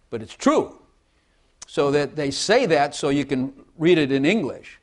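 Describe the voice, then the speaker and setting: A man's voice: mid-range voice, expressive, moderate pace. A man preaching a sermon in a folksy way, repeating phrases and asking the congregation for amens.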